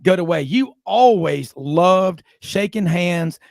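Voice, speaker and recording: A man's voice: high-pitched, expressive, takes it slowly, vocal fry, no room sound, studio quality. Upbeat male sports show host. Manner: enthusiastic, laughs often. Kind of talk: casual interview chat.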